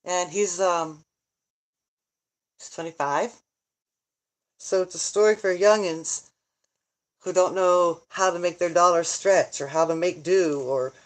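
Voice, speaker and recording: A middle-aged grandmother talks slowly into her phone, in a slightly low voice. She rambles in a loose, joking way and answers her viewers' comments as they come in. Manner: joking, chatty, laughs often, answers viewer comments aloud. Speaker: vlogger, grandmother. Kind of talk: casual rambling livestream chat.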